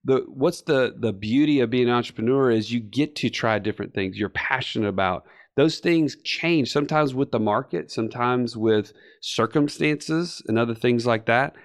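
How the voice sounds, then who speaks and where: Brief relaxed male podcast host. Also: medium pitch, normal speed, few pauses. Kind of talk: casual interview chat.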